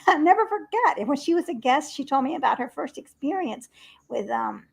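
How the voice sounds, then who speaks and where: A woman's voice: high voice, very animated, fairly quick, creaky. A woman hosting a casual livestream chat, telling stories with frequent laughter over a video call. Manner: chatty storyteller, laughs often.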